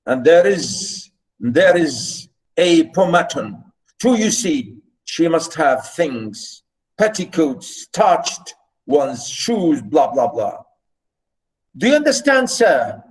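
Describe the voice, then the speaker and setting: A drunken, self-pitying old father begs for pity in a slow, dragging plea that keeps circling back on itself, read out by a man. The voice sits a little high and crawls along. His words swing up and down as he presses the listener. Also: rough recording. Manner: pleading, repetitive, drawn-out phrasing.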